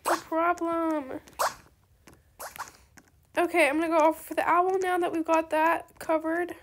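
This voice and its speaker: A young woman giving chatty, excitable commentary on her own game trades, talking straight to her viewers. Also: very high-pitched, measured pace, slight background noise. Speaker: gaming video creator. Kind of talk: casual gameplay commentary.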